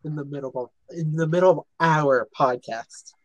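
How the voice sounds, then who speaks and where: A man's voice: a little high, normal speed, no room sound. A young man co-hosting a podcast over a voice call, rambling and stumbling over his words with frequent laughs. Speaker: podcast co-host. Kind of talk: casual chat. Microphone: online voice call.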